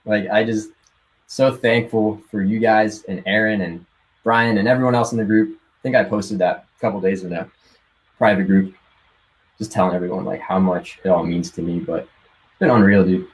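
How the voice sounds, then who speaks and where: A young man with a lowish voice tells his story in a loose, excited rush, laughing often and dropping casual swears. He sounds like he's chatting on a live call with friends. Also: moderate pace, poor audio. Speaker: guest sharing success story.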